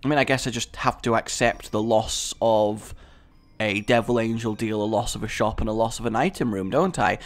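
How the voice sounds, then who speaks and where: A man's voice: on the low side, moderate pace, faint music behind. A man giving casual, rambling commentary over a game he is playing, with self-mocking jokes and asides. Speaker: gaming commentator.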